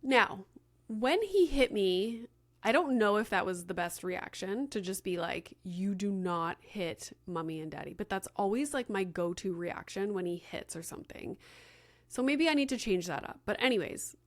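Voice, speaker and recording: A woman's voice: mid-range voice, lively intonation, normal speed. A woman in her thirties with a mid-range voice talks through her day as a podcast host. She is chatty and loose, leans on filler words, and slips into the voices of people in her story. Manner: chatty, many "like" fillers, acts out quoted dialogue. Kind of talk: casual solo storytelling.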